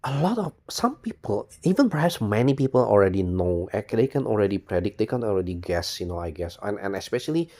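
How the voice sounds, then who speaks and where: Deep-voiced man rambling cynically. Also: animated, fast, hardly any pauses, warm tone. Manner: rambling, repeats words, says "you know" constantly, swears; bitter, cynical. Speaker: video blogger. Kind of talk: rambling personal monologue.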